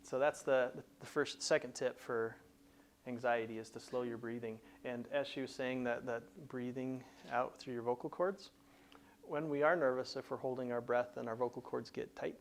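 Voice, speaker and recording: A man's voice: medium pitch, fairly even intonation, moderate pace, vocal fry, a little hiss or hum. A man hosting a career advice show, explaining plainly in a conversational teaching style with frequent restarts. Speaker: career coach host.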